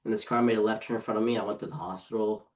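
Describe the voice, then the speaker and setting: A young man speaking quietly and briefly on a video call. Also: on the low side, steady tone, racing. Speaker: guest, son of the speaker.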